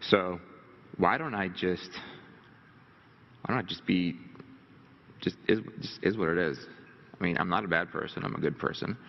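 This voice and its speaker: Low gravelly man in a hall. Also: normal speed, long pauses. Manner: candid, rambling, self-deprecating. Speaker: motivational speaker. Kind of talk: storytelling talk to a live audience. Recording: dull lo-fi recording in a reverberant hall.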